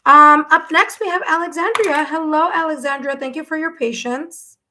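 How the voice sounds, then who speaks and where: A woman hosting a live stream, giving gentle, reassuring tarot readings to viewers and often checking in with "okay?". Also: high voice, moderate pace. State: hiccups. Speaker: tarot reader.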